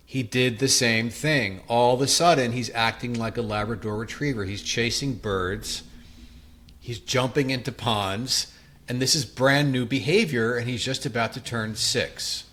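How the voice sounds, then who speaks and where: A man's voice: mid-range voice, a bit bright. A man co-hosting a podcast, sharing chatty anecdotes and asking short questions. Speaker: podcast co-host. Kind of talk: casual podcast conversation.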